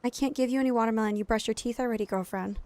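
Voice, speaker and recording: A woman streaming from home late at night, chatting casually, laughing often and cooing softly to her toddler. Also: a little high, very fast, dry recording. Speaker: game streamer and mother. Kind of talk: casual live-stream chat.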